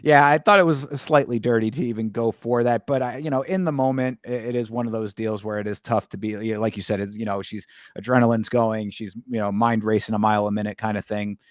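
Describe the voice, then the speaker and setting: A man's voice: on the low side, fairly even intonation, no echo, clean studio sound. A man hosting a casual sports talk show, easygoing and hedging as he weighs in and hands off to his co-host. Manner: easygoing, hedging, quick asides. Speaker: podcast host.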